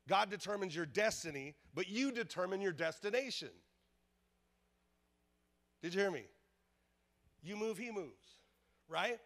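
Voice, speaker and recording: A man's voice: high-pitched, animated, a little slow, long pauses, fairly bright tone. A man preaching a sermon as pastor, emphatic and repetitive, calling out questions to the congregation. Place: church service.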